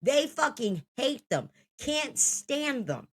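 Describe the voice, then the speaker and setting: A woman's voice: sits high, sing-song, takes it slowly, a bit bright. A woman in her thirties telling a story from her own life in a blunt, heated, profane way. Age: 30s.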